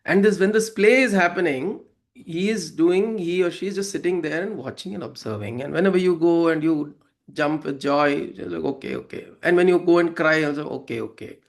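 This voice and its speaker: A man's voice: fairly high pitch, moderate pace. A man giving a devotional talk that explains verses to listeners, conversational and often checking in with "right?". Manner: conversational, acts out quoted voices, asks listeners "right?". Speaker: spiritual teacher.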